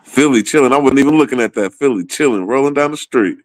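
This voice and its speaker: A man's voice: medium pitch, fast, no echo. Profane rambling man, close dry sound. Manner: profane, rambling, laughs often. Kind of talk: casual political rant.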